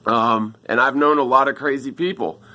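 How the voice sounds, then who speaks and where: A man's voice: medium pitch, moderate pace, bright, forceful tone. A man, speaking into a phone camera and pleading with his viewers for help. He rambles in an upset way and keeps saying "man" and "dude.". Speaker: vlogger asking viewers for help. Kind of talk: casual video monologue.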